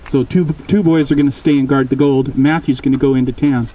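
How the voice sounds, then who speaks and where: A man casually telling a spooky story aloud, relaxed and rambling, often correcting himself. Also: medium pitch, brisk, recorded from a distance, rough recording.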